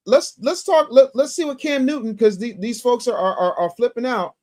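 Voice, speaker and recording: A man hosting a commentary show who reacts to clips in an animated, mocking way, with loud bursts and stammered restarts. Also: very high voice, moderate pace, hardly any pauses. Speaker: show host.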